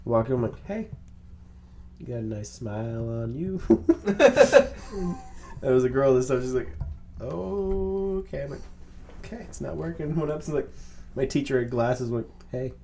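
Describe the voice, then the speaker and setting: A young man in casual chat, telling stories in an animated, playful way with loud bursts of laughter. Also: medium pitch, moderate pace, gravelly. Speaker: podcast co-host.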